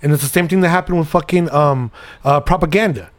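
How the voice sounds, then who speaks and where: A man co-hosting a podcast, talking in an animated, profane, rambling way. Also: on the high side, fast talker. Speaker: podcast co-host. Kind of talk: casual chat.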